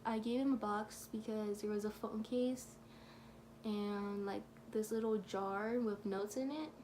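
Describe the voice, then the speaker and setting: A woman's voice: mid-range voice, steady tone, measured pace, mellow, slight background noise. A woman telling a rambling, gushing story for her vlog, leaning on "like" again and again. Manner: gushing, rambling, heavy use of "like". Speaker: vlogger.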